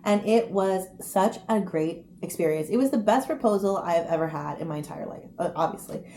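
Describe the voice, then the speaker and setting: A young woman telling a story casually to camera, chatty and animated, with quick asides. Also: fairly low pitch. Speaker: vlogger. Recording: echoey room, faint noise.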